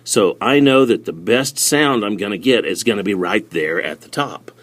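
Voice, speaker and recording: A man giving casual tips on presenting, talking to a tablet camera in a relaxed, rambling way with many fillers and restarts. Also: fairly low pitch, normal speed. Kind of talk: casual instructional talk to camera. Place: seated, recording on a tablet. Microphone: tablet's built-in mic.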